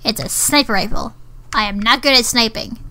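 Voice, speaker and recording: Bright high-voiced woman muttering through gameplay. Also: normal speed, slight background noise. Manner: self-talking, swearing, exasperated. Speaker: gamer. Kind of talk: gameplay commentary.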